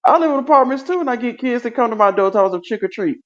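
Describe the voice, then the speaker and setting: A man's voice: extremely high pitch, lively intonation, rapid-fire. A man co-hosting a livestream in casual chat, rambling and full of fillers. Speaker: livestream co-host. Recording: dull lo-fi sound.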